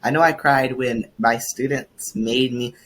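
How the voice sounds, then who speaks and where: A young woman co-hosting a podcast, telling stories animatedly and jumping high in pitch when quoting people. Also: a little slow. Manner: animated storyteller, swoops high for quotes. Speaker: podcast co-host. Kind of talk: casual chat.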